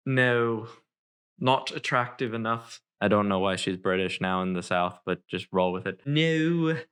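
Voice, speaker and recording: A man's voice: mid-range voice, a bit bright. A man giving a dry, sarcastic lyric analysis, picking apart the song's wording. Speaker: song reviewer.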